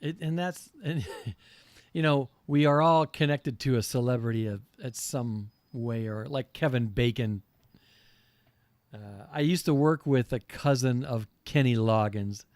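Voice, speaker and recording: A man's voice: mid-range voice, unhurried, a little mellow, no room sound. A man hosting a live music stream, chatting casually and laughing as he tells stories behind songs. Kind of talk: casual livestream chat and storytelling.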